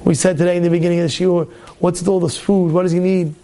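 A man's voice: high-pitched, flat delivery, fast, dark tone. A man teaching a Torah class, impassioned and repetitive, acting out the voices in his stories. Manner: impassioned, repetitive, acts out dialogue. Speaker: rabbi giving a Torah class.

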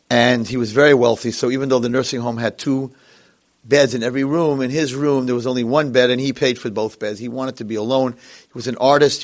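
Dramatic male storyteller. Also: mid-range voice. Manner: dramatic storyteller who acts out voices. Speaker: inspirational speaker. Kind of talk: sermon-like storytelling speech.

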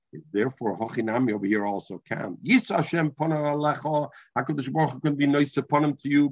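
A man's voice: medium pitch, slightly rough, dry recording. A man teaching a Talmud class, mixing English with Hebrew and terms and often restarting his sentences. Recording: dull lo-fi recording.

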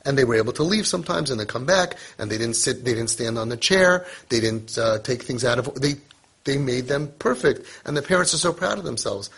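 Husky-voiced man giving a parenting lesson. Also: medium pitch, lively intonation, fairly quick, a bit bright. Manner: conversational, sprinkled with Hebrew and Yiddish terms. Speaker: parenting teacher. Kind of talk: casual spoken lesson.

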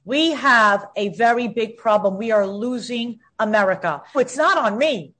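A woman's voice: fairly high pitch, animated, measured pace, fairly bright tone. A woman in her fifties talking as an interview guest, outspoken and combative, repeating herself when heated. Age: 50s.

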